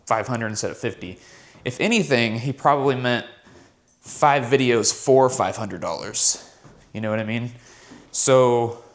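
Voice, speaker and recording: A man talking casually in a vlog, telling a rambling story about his work from home. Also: mid-range voice. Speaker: vlogger and content creator.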